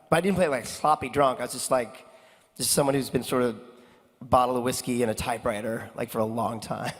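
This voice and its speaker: A man telling a story on a convention panel, rambling with many fillers and restarts. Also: mid-range voice. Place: convention hall. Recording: long hall reverb.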